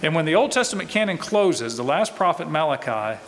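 A pastor preaching a verse-by-verse sermon, teaching in a conversational way and asking rhetorical questions. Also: male voice, fairly high pitch, big pitch swings, a little fast, fairly bright tone, in a large hall. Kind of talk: expository sermon.

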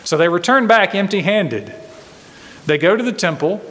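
Male pastor, emphatic sermon delivery, slightly high voice, long hall reverb. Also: lively intonation, normal speed, a bit bright. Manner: earnest, emphatic, repeats phrases for stress. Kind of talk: expository sermon.

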